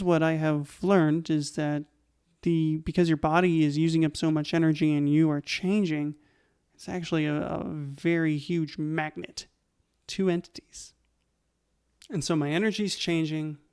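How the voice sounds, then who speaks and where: A young adult man telling his own stories in a casual, animated way as a channel host. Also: fairly high pitch, smooth. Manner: animated, conversational, laughs between lines. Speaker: YouTube host. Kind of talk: casual storytelling to camera.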